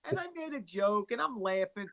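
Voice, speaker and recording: High-voiced chatty man on a livestream. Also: lively intonation, moderate pace, bright, forceful tone. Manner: chatty, rambling, apologetic. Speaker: live stream host. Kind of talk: casual group chat.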